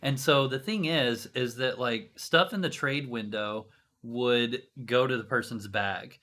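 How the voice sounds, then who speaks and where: A male podcast host with a bright, ringing voice at an ordinary pitch. He tells old gaming stories in a loose, animated chat, checking in with "right?" and "you know" as he goes. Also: a little slow. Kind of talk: casual storytelling chat.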